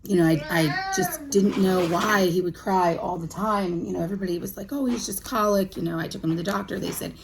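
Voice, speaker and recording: Woman, 30s, vlogger, candid and emotional, low voice, halting delivery. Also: animated, creaky, background noise. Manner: halting, full of ums and restarts, emotional. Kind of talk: candid personal chat to camera.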